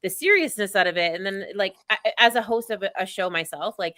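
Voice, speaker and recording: A woman's voice: mid-range voice, fast talker, bright, forceful tone, no echo. A middle-aged woman hosting a podcast, talking in a chatty, effusive way full of "like.". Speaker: podcast host. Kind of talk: casual interview talk.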